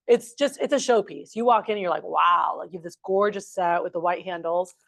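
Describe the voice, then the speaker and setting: A woman's voice: lowish voice, quick pace, no echo. Chatty woman training a sales group. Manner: chatty, upbeat, addresses the group as "you guys". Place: meeting room with a large group.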